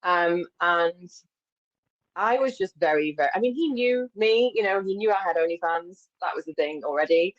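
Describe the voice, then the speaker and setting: Candid woman guest, lower voice, muffled lo-fi call audio, chatty and open. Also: normal speed. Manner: open, animated, frequent self-corrections and laughs. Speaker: guest, embodiment coach. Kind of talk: candid conversational storytelling. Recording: slightly dull, lo-fi audio.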